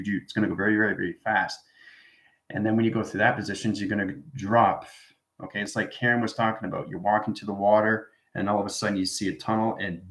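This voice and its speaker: A man's voice: lowish voice, a bit bright. A man teaching an informal spiritual class, rambling and tagging his statements with "right?" as he goes. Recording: roomy echoey room.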